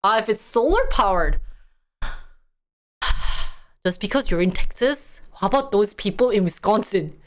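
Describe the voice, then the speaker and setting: A woman's voice: medium pitch, animated, moderate pace, long pauses. A woman streaming live, chatting casually with her viewers, reacting to news items with frequent laughter.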